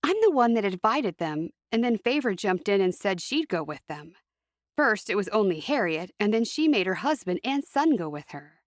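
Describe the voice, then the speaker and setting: A woman's voice: mid-range voice, sing-song, moderate pace, no room sound, clean studio sound, natural voice. A woman voicing a peeved young Amish woman who answers in curt, sulky replies.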